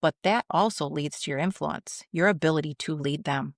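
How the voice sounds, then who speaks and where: A woman's voice: deep voice, normal speed, dry recording, clean studio sound. A middle-aged woman, a retired police commander, telling vivid work stories on a podcast. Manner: vivid, anecdotal, acts out quoted voices. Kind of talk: conversational storytelling.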